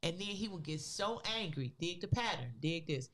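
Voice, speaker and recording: A woman co-hosting a podcast, telling a personal story in a casual, animated way with loose, vernacular phrasing. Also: fairly low pitch, moderate pace. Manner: animated, acts out the people in her story. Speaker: podcast co-host.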